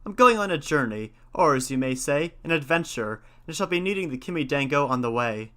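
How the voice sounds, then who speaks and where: Man playing a bold young storybook hero, bright and rallying. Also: on the high side, animated, brisk. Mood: eager.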